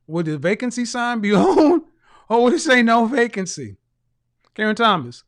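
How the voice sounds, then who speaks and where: A man hosting a live stream, reading viewer comments aloud and mocking them with teasing rhetorical questions and bursts of laughter. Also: sits high.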